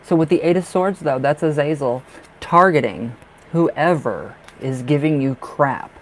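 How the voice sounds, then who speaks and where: A man's voice: on the high side, expressive, measured pace, a little hiss or hum, low-quality recording. A man hosting a live tarot reading stream, chatting casually and expressively with viewers and laughing often.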